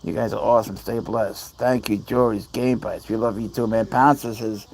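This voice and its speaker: A man's voice: fairly low pitch, fairly even intonation, moderate pace, creaky, hardly any pauses, darkish tone, low-quality recording. A man casually livestreaming outdoors at night with his cats, chatting easily and reading viewer comments aloud. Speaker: cat owner livestreaming. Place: outdoors at night among bugs. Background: crickets chirping.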